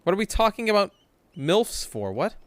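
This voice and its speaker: A man's voice: sits high, very animated, moderate pace, no echo. A man streaming a game live, joking and swearing while reading the game text aloud. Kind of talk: casual live-stream gaming chat.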